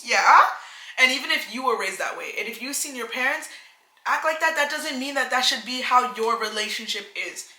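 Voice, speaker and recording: A woman's voice: a little high, bright, forceful tone. A young woman co-hosting a casual advice chat, talking emphatically and acting out quoted men. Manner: chatty, emphatic, laughs often, acts out quoted men. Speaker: co-host. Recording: echoey room.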